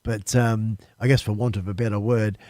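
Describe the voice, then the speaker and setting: A man's voice: lowish voice, fairly even intonation, normal speed, a little mellow, no echo. An Australian man hosting a casual live stream from his temporary studio, chatting to viewers in a rambling, friendly way and calling them folks.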